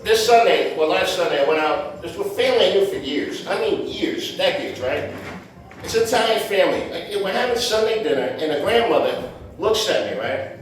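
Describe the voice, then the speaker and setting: Middle-aged male stand-up, high for a man, brash and self-mocking, heard through heavy room echo. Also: lively intonation, fairly quick, a little hiss or hum. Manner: brash, self-mocking storytelling with street slang. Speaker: stand-up comedian. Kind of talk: stand-up comedy set. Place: comedy club stage. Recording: roomy echo from far off.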